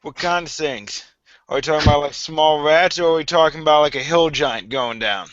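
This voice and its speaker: A man playing a tabletop game, joking around in a casual way. His voice is bright and slightly high. The mic sounds dry and dull. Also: fairly quick, no echo. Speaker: player.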